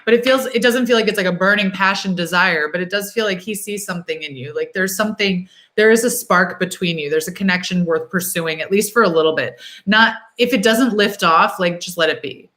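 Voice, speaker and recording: Bright-voiced woman chatting on a livestream. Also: medium pitch. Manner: chatty, thinks aloud, fills pauses with "um" and "like"; upbeat and encouraging. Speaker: tarot reader hosting a livestream. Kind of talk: casual live-stream chat.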